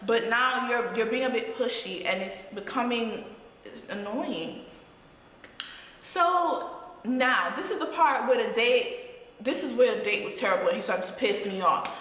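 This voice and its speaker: Vlogger: young Jamaican woman, sassy and animated, high bright voice, very echoey room with long reverb. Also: measured pace. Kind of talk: casual storytime.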